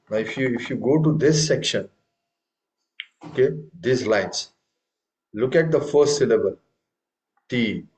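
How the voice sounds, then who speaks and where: A man's voice: mid-range voice, a little mellow, low-quality recording. A man teaching a tabla class over a video call, correcting students and reciting rhythm syllables aloud. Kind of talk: online music lesson.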